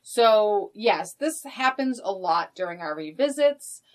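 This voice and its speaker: A middle-aged woman in casual podcast chat with a lively, wide-ranging voice at a middling pitch. She reads out award picks and talks them up expressively. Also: slow. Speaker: podcast co-host.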